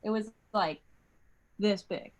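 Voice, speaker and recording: A woman's voice: mid-range voice, slow pace, noisy background. A young woman performing a playful stand-up set over a video call, slipping in and out of silly accents. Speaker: stand-up comedian. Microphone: computer mic on a video call.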